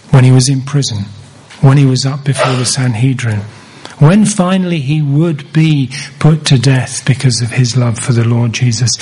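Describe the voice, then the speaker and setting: A man preaching a sermon from an open Bible, speaking deliberately and repeating key phrases for emphasis. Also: mid-range voice, darkish tone, slightly rough, low-quality recording.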